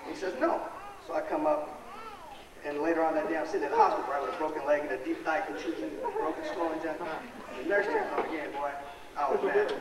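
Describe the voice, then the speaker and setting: A man's voice: fairly high pitch, lively intonation, fast. A young man performing a stand-up comedy routine, rambling through stories and acting out the dialogue. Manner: rambling storytelling, acts out dialogue. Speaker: stand-up comic. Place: hall with live audience. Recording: echoey hall recorded from far off with a noisy crowd. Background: loud crowd noise and laughter.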